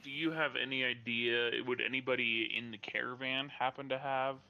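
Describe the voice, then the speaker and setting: Male player, bright voice, muffled lo-fi mic, asks rules questions. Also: medium pitch, steady tone, creaky, faint music behind. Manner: asks rules questions, quick to drop them. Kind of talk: casual tabletop game chat. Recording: dull lo-fi mic.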